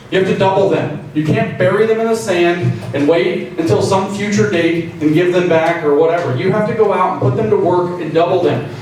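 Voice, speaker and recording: A man speaks to a meeting crowd in a loose, joking way, slipping in quick acted-out voices. His voice sits a bit high for a man. It comes from well back from the mic, in a room with very heavy echo and a faint hiss. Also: darkish tone. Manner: joking and conversational, acting out quoted voices. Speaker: invited speaker. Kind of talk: public speech to a meeting. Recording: very echoey room, distant mic, faint noise.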